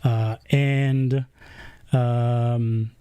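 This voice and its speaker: A man's voice: mid-range voice, little pitch movement, drawn-out words, dark tone, clean tone, no room sound. A male host in a casual live-stream interview, chatting and reading viewer questions aloud. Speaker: podcast host.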